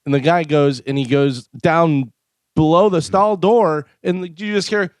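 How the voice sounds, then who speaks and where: A man's voice: on the high side, measured pace, clean tone, no room sound, clean studio sound. A male radio co-host in casual morning-show banter, telling stories and acting out little bits. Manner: animated storyteller acting out bits.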